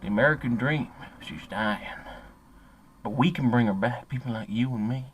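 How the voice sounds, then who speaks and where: A man's voice: mid-range voice, moderate pace, slight background noise, lightly acted, low-quality recording. A man playing a hot-headed, ignorant ranting man in a comedic character monologue, profane and rambling, stumbling over his own words. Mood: angry rant.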